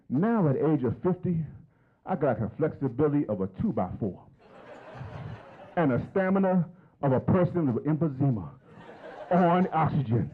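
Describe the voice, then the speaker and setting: Stand-up comic, man in his fifties, animated delivery, tinny lo-fi audio. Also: a little high, normal speed, long pauses, breathy edge. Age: 50s. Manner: chatty, teasing the crowd with questions. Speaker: stand-up comedian. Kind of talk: stand-up comedy set. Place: stage at a comedy show.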